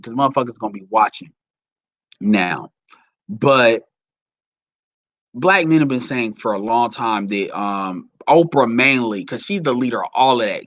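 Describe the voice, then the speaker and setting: A man's voice: medium pitch, fairly bright tone, no echo, muffled recording. A man giving heated, profane, rambling commentary to his audience. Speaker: commentary vlogger.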